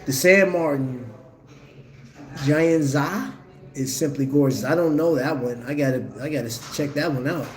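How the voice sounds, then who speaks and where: A man's voice: a little high, measured pace, roomy sound. A man from Brooklyn, hosting a casual watch livestream in a laid-back, slangy way and laughing often. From Brooklyn, New York.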